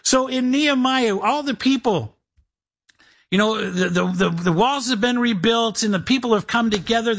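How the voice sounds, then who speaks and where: High-voiced man preaching a sermon. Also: fairly bright tone. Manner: preaching with scripture readings and quoted imagined listeners. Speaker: pastor.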